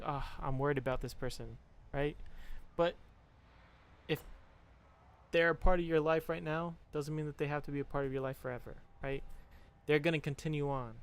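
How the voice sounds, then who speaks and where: A man's voice: on the high side, smooth. A young man streaming and talking to his viewers, giving frank, profane relationship advice and mimicking the people he quotes. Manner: frank, swearing, pep-talk style. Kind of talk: casual chat to stream viewers.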